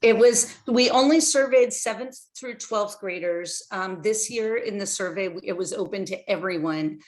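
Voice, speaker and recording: A woman's voice: medium pitch, normal speed, rough recording. A woman presenting at a public meeting, answering questions in a friendly, informal way over a video call. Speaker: guest presenter.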